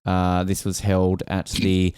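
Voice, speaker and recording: A man's voice: low voice, monotone, slow pace, darkish tone, smooth, dry recording, studio quality. A man hosting a casual sports podcast, rambling and jokey, laughing often. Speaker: podcast host.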